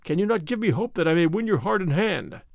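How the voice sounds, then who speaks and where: A man's voice: sits high, animated, fast talker, creaky, dry recording, clean studio sound. A man voicing an arrogant army captain in an audiobook, purring and sneering as he presses his suit. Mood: wooing. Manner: sneering, overbearing. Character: arrogant bold army captain suitor, male. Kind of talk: audiobook character reading.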